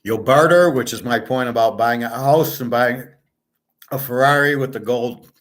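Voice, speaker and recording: A man's voice: mid-range voice, normal speed. Blunt, profane older man ranting. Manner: blunt, profane, emphatic, repeats himself. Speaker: host. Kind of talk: ranting livestream talk.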